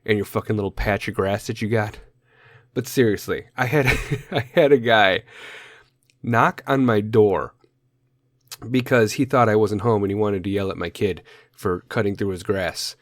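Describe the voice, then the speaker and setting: A man hosting a podcast, ranting in a loud, exasperated way with heavy cursing, and slipping into mocking voices. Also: fairly low pitch, normal speed, no echo, studio quality. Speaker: podcast host. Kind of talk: profane comedic rant.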